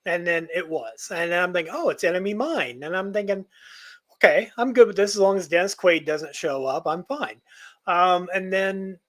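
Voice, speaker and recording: A man guesting on a casual podcast, playful and rambling, and quick to poke fun at himself. His voice sits high for a man. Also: fairly bright tone. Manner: playful, rambling, self-deprecating.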